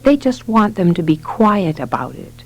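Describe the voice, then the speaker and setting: A woman narrating a nonfiction parenting book in a steady, expressive reading voice. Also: medium pitch, moderate pace, slightly rough, dry recording, rough recording. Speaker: audiobook narrator.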